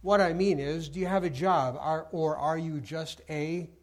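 A man reading aloud the lines of a brisk woman clerk at a registry office, in a lightly raised voice. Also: a little high, steady tone, lightly acted. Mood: brusque. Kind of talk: reading a story aloud in church.

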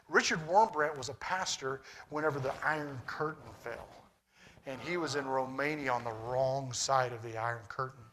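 Preaching man, loud then hushed. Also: on the high side. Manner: swings from loud shouting to quiet storytelling. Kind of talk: sermon.

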